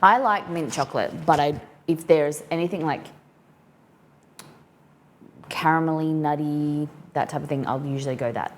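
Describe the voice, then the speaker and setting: A woman with an Australian accent hosts a cooking live-stream, chatting easily and reading viewer comments aloud as she reacts to each one. Her voice sits fairly low for a woman. A faint hum of background noise runs under her talk. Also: normal speed, long pauses.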